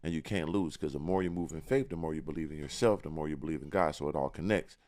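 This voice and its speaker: A man's voice: a bass voice, fast talker, darkish tone. A man in a casual podcast interview, talking about himself with confidence and often repeating words as he searches for the next one. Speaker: guest.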